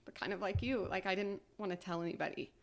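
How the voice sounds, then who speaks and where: A young woman on a podcast telling a painful personal story in a quiet, halting way, full of "like"s and sometimes near tears. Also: medium pitch, creaky. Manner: quiet, halting, tearful at times, many "like"s. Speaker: podcast guest.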